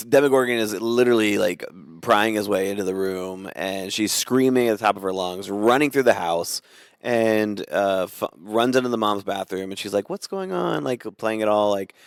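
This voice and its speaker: A man co-hosting a podcast, casually recapping a show with lots of fillers and animated retelling. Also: on the low side, normal speed, smooth, dry recording, clean studio sound. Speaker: podcast co-host. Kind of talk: casual review chat.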